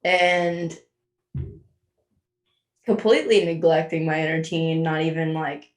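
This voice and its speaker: A woman's voice: low-pitched, fairly even intonation, slow pace. Young woman cohost, giggly rambly chat, echoey room sound. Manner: giggly, rambling, laughs often. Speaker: podcast co-host. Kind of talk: casual chat.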